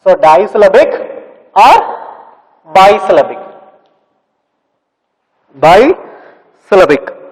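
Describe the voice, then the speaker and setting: A man with a high voice teaches a classroom lesson, going over words again and again and drawing out their sounds. His voice carries with a long reverb, as if in a large, hard-walled room. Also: lively intonation. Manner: slow, repetitive explaining with drawn-out sounds. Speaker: English teacher.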